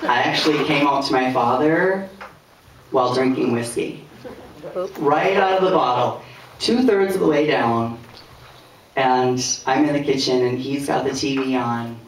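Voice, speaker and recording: A man performing stand-up comedy, telling anecdotes in a loose, conversational way with filler pauses. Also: medium pitch. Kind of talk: stand-up storytelling. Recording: echoey room heard from a distance.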